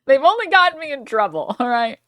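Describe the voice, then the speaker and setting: A woman's voice: sits high, sing-song, a little fast, bright, forceful tone, no echo, clean studio sound. A woman streamer reacting to clips in casual commentary, profane and rambling, cutting herself off mid-thought. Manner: profane, rambling, self-interrupting.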